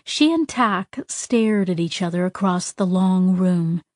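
A woman narrating a story in a measured, even way. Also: fairly low pitch, dry recording, clean studio sound. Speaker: audiobook narrator. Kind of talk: scripted narration.

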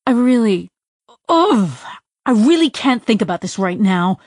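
A woman's voice: on the high side, big pitch swings, unhurried, no room sound, clean studio sound, pitched above the performer's own voice. A woman narrator voicing an agitated woman who presses hard with urgent, swearing questions. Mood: frantic. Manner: urgent, swearing, rising to near shouts. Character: agitated adult woman, sharp and frantic.

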